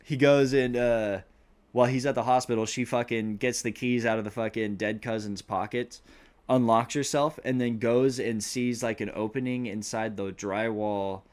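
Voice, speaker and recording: A man's voice: medium pitch, fairly even intonation, normal speed, a little mellow, smooth. A man on a podcast casually retelling a movie plot, rambling, swearing constantly and filling gaps with "uh" and "like". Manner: profanity-laced, rambling, many fillers. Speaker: podcast co-host.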